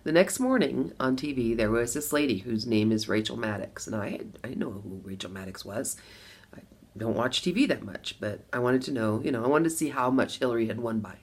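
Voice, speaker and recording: A middle-aged woman from Las Vegas telling a personal story to camera, animated, with bursts of laughter between lines. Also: extremely low pitch, a little fast, slightly rough. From Las Vegas, USA. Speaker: vlogger.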